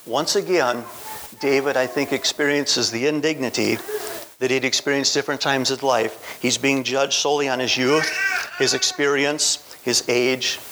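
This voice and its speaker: Man preaching with lively storytelling. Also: medium pitch, normal speed, background noise. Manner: storytelling, voicing Bible characters in quotes. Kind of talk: sermon.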